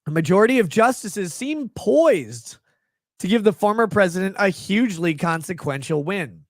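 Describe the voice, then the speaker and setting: A man with a high-pitched voice hosts a commentary show, reading news and cutting in with mocking, profane asides. He sounds close to the mic in a dry, dead room. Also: lively intonation, moderate pace, no echo. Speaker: legal commentary show host.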